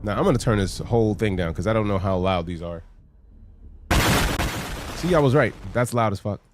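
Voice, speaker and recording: A man streaming games live, chatting casually with his viewers, greeting them by name, excitable and swearing freely. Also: on the low side, normal speed, background noise. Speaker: game streamer.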